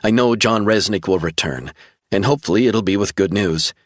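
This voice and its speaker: A man voicing a calm, reassuring woman in an audiobook, speaking in steady promises. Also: fairly low pitch, fairly quick, no room sound, studio quality, lightly acted.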